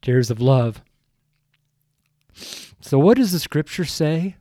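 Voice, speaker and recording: Slow and a little high, with a sing-song lilt and a dark tone, this man's voice comes through in studio quality with no echo. He's a street preacher in his sixties on a podcast, weeping while he earnestly pleads with repeated appeals into the mic.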